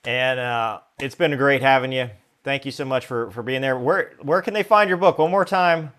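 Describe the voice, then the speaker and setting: A man's voice: mid-range voice, moderate pace, a bit bright. A man hosting a live interview show over a video call, enthusiastic and casual. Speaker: podcast host.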